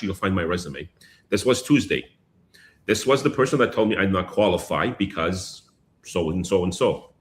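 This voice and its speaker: A man being interviewed, telling a personal story in a lively way and acting out what people said. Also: low-pitched. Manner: animated, acts out dialogue, repeats phrases. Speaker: guest.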